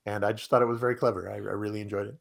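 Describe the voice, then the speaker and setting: A man co-hosting a casual podcast, recapping a comedy sketch with many pauses and fillers. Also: fairly low pitch, level tone, creaky. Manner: hesitant, lots of fillers. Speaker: podcast co-host. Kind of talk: casual chat.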